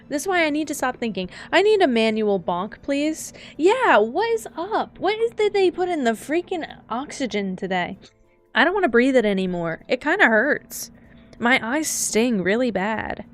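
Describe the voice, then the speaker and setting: A woman's voice: high voice, sing-song, unhurried. A young woman streaming live and chatting casually, teary and sniffly from crying, rambling and flustered as she laughs at herself. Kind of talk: casual live-stream chat while gaming. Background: faint background music.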